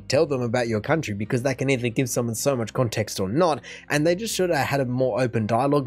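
An Australian man hosting a reaction video, chatting casually and thinking aloud while he acts out other people's lines. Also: mid-range voice. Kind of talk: casual commentary.

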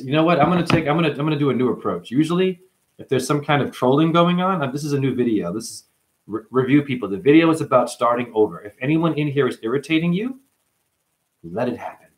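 A man hosting a livestream, casually reading out chat comments and joking with viewers by name. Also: medium pitch. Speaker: livestream host.

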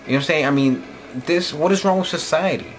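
A man's voice: on the high side, fast. Male vlogger from New Jersey, heated profane opinion rant, music playing behind. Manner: angry, profane, repeats "you know what I'm saying". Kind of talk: late-night opinion rant.

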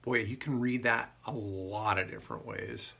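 A man hosting a live haiku show, chatting casually and joking, and reading poems slowly. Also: lowish voice, sing-song, creaky, pushed and bright, breathy edge. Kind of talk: casual live-stream chat.

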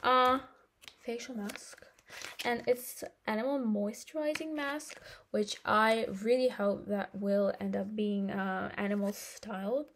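A woman in soft-spoken ASMR role-play, chatty and affectionate, rambling as she talks, recorded close to the mic. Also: medium pitch, takes it slowly, slight background noise. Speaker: ASMR creator.

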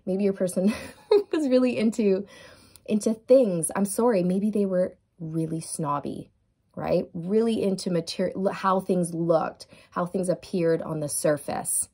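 Brief: woman tarot reader with a low, warm voice, gently affirming and repeating her reassurances. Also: slightly rough. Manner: soothing, affirming, repetitive. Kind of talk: tarot card reading to viewers.

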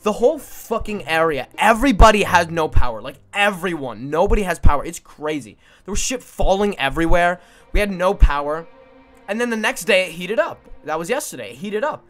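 Young streamer dude rambling a story to chat, lots of likes and swearing, quiet music in the back. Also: male voice, high-pitched, a little fast. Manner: animated, swearing, frequent fillers, breaks into laughter.

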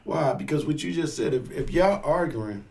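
A man's voice: fairly high pitch, lively intonation, normal speed, a little mellow, slight background noise. A man who teaches firearms classes and serves as a pastor, talking casually in an interview and acting out scenarios with quoted voices.

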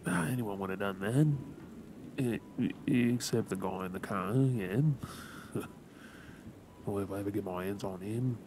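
A man with an Australian accent in a soft, whispered role-play, gently reassuring the listener with halting words. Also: lowish voice. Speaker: ASMR creator. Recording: rain and thunder noise behind. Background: steady rain and thunderstorm.

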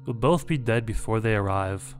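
A man voicing a menacing, cruel adult man who barks and growls his threats in a lowered voice. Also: normal speed, soft background music, natural voice. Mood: defeated.

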